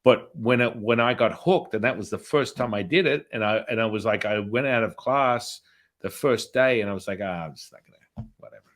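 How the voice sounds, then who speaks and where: A man's voice: mid-range voice, moderate pace, fairly bright tone. A middle-aged man, a spiritual healer, telling a story in a casual interview and acting out the voices of people in it.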